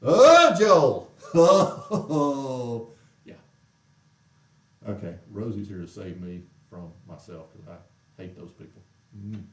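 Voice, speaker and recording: A man hosting a casual show from home, ranting in a heated, exasperated way. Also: fairly low pitch. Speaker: show host. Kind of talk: casual rant on a livestream. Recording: roomy echo, mic far off.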